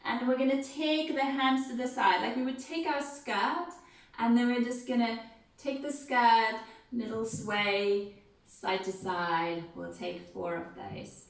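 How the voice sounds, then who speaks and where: A woman leading a gentle seated music and movement session, soft and encouraging, talking through each step. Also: fairly high pitch, steady tone, takes it slowly, distant mic. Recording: very echoey room, away from the mic.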